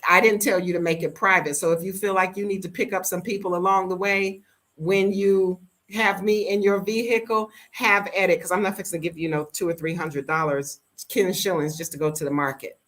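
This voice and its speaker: A woman's voice: fairly low pitch, fairly even intonation, a little fast, fairly bright tone. An American woman in her fifties telling a story in a blunt, emphatic, casual way, repeating words for stress. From United States. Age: 50s. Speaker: vlogger living abroad.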